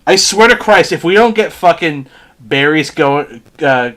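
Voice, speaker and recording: A man's voice: fairly high pitch, animated, a little slow, a bit bright. A man chatting casually while watching a movie with a friend on stream, swearing a lot as he rants in exasperation. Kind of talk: casual watch-along chat. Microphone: headset or desk mic with earphones.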